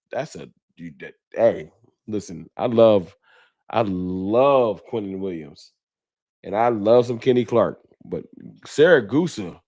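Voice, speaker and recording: A man's voice: mid-range voice, a little mellow. Slangy man hosting a fan livestream. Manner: loose, slangy, reads chat donations aloud. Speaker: fan talk show host. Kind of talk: casual livestream sports talk.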